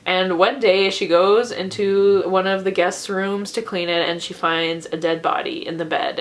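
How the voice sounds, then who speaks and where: A woman's voice: on the low side, a bit bright. A woman reviewing books in a casual vlog, ranting in an exaggerated way and laughing often. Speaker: book reviewer.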